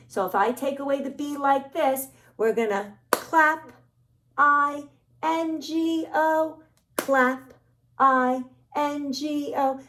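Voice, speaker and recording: A woman librarian leading a children's story time, talking slowly and cheerfully to young children. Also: sits high. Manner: slow, cheerful teacherly talk to young children. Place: library program room. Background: backing music of a children's song.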